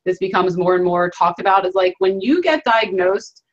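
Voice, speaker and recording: A woman's voice: lowish voice, moderate pace. A woman hosting an interview over a video call, speaking earnestly and circling back to restate her points. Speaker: host. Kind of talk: reflective interview commentary. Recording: dull lo-fi video call audio.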